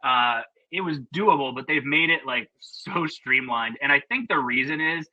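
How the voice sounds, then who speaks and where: A man's voice: medium pitch, moderate pace, sharp tone, no room sound, dull audio. A man presenting a webinar in a casual, chatty, opinionated way with plenty of fillers, over a video call.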